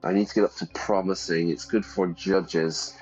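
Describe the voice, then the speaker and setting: Low-voiced man reading a game aloud. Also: fairly even intonation, moderate pace, a little mellow, husky. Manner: chatty, reads game text aloud, questions his viewers. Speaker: streamer and English teacher. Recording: slightly dull recording with faint music.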